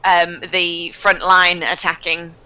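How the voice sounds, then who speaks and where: A woman takes her turn as a player in a tabletop game, working through her plans a little hesitantly. Her voice is bright and crisp, with a smooth, clean tone. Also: fairly low pitch, flat delivery, slow, low-quality recording. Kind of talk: casual tabletop play.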